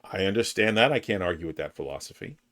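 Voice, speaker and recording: A man's voice: low-pitched, expressive, fairly bright tone. A man co-hosting a sports podcast in casual chat, building his points step by step. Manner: measured, builds points in lists. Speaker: podcast co-host.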